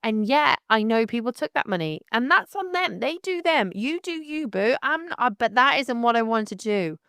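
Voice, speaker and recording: A middle-aged woman from Devon and Somerset with a light West Country accent, hosting a casual solo podcast in a frank, animated way and calling the listener darling. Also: fairly high pitch, normal speed, clean tone, dry recording, studio quality. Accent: light West Country English. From Devon and Somerset, England. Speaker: podcast host.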